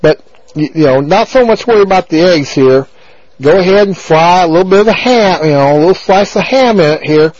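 On his talk radio show, a man delivers a coarse, grating rant that wanders and leans heavily on the same filler phrases. He speaks briskly and expressively in a high, slightly mellow voice, with no room sound, though the broadcast itself sounds dull and lo-fi.

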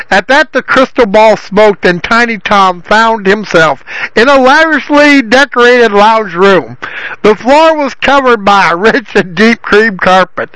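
Male host, rambly talker and storyteller, high bright voice, dry studio sound. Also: smooth, no echo, rough recording. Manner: rambling, repeating himself. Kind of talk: casual talk and comic reading.

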